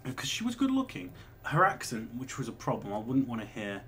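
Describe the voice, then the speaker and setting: A man's voice: mid-range voice, wildly swooping pitch, brisk, fairly bright tone, slight background noise. A man in his twenties, chatting casually as a vlogger answering viewer questions, rambling and swearing as he goes. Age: 20s. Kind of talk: casual chat.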